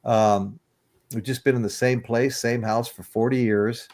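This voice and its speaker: A man's voice: medium pitch, fairly even intonation, unhurried, darkish tone. Older guy rambling thru stories on his livestream, chuckles a lot, greets chat folks. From United States. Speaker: livestream podcast host.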